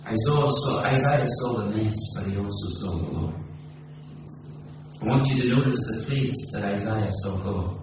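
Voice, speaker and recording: Preacher in an echoey hall. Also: male voice. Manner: impassioned preaching, rising to loud exclamation then dropping low and slow. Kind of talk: sermon. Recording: echoey room from far off with noise.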